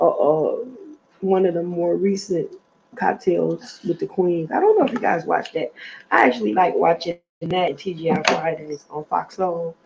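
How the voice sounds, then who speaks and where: A middle-aged woman with a heavy, slightly gravelly voice that sits on the lower side. She chats casually on a livestream from her apartment. She meanders between thoughts, filling the gaps with plenty of ums. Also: a little mellow, muffled recording, slight background noise. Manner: chatty and meandering, with many fillers and lost trains of thought. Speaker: livestream host. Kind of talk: casual rambling chat. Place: apartment at home.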